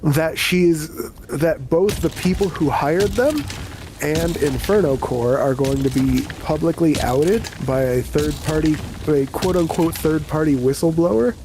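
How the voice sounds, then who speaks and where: A man's voice: a little high, unhurried, background noise. A man narrating a tabletop game as game master, in a casual, rambling and profane way.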